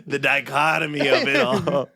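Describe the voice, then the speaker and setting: Bright, high-voiced joking young man. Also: sing-song. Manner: quick jokey wordplay, laughing. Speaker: podcast co-host. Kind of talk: comedic podcast banter.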